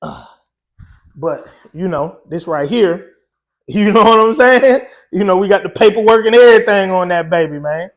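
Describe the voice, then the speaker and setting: Man, high voice, laid-back storyteller, lots of "you know", casual interview guest. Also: lively intonation, normal speed. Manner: loose and conversational, full of "you know" and "um".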